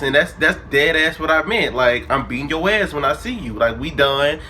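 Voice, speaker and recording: A man's voice: on the high side, moderate pace, a little hiss or hum. A young man, telling a personal story casually and acting out the dialogue with drama. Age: early 20s. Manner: animated, dramatic retelling with quoted dialogue. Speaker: vlogger.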